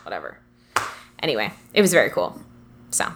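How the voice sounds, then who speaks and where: A woman's voice: very deep voice, sing-song, a little fast, background noise. A woman co-hosting a podcast, telling a story in casual chat, rambling with lots of "like" fillers. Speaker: podcast co-host.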